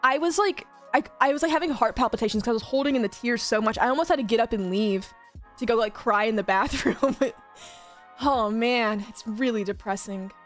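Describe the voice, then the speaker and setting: A woman in her twenties chatting casually on a livestream, gushing and chatty, full of fillers and quick laughs. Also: fairly high pitch, faint music behind. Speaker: streamer.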